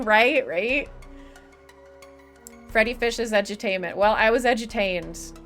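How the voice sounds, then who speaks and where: A woman's voice: mid-range voice, moderate pace, pauses often, fairly bright tone, soft background music. A young woman streamer chatting casually with her live chat, swearing and laughing often, her voice starting to give out. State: losing her voice.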